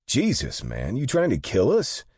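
A man's voice: low-pitched, big pitch swings, moderate pace, warm tone, husky, no echo, studio quality, pitched above the performer's own voice, exaggerated voice. A man voicing a sarcastic, impatient young male police detective. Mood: needling. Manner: sarcastic, teasing.

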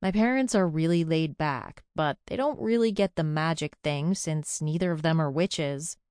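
A woman's voice: deep voice, normal speed, a little mellow, smooth, no echo, studio quality. A young adult woman narrating a first-person audiobook in a chatty, confiding way.

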